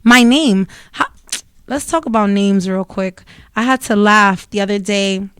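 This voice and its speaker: Talking to her viewers in a casual monologue, a young woman of Dominican New York background tells rambling stories full of profanity and bluntness. She speaks unhurriedly in a mid-range voice that is a bit bright, clear and resonant, recorded studio-quality with no room sound.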